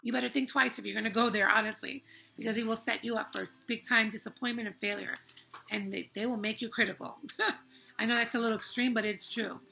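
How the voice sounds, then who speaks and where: A woman's voice: fairly high pitch, fairly even intonation, brisk, gravelly, sharp tone. A young woman vlogger giving an emphatic, frank and indignant personal testimony. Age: young adult.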